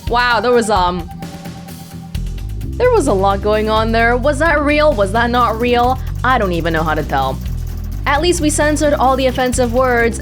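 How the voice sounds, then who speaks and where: A woman narrating her own gameplay in a loose, excitable ramble, with frequent giggles. Her voice sits a little high, and game music plays clearly behind her. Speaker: let's play gamer. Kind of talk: casual gameplay commentary.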